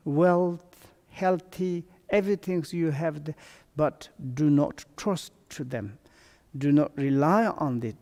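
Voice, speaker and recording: A man, a Buddhist teacher whose first language is Tibetan, giving a dharma teaching in halting, broken English with frequent restarts. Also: on the high side, a little mellow. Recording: long hall reverb.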